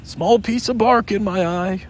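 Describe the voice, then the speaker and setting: A man's voice: fairly high pitch, expressive, measured pace, a little hiss or hum. A man voicing a bouncy male tiger who talks to himself with nervous hesitation.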